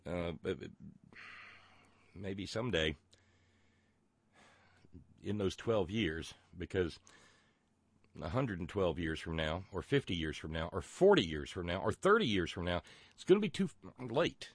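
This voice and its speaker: A man's voice: low-pitched, lively intonation, a little slow, pauses often, dry recording. A man with a Southern US accent from West Virginia, hosting a radio talk show in a folksy, rambling way with many fillers and restarts.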